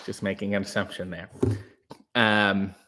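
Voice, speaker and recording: A Canadian man hosting a live stream, reading chat aloud and joking in a breathy, hushed way, close on a new microphone. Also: fairly low pitch, little pitch movement, a little slow, background noise. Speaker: livestream host reading chat. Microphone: new studio microphone.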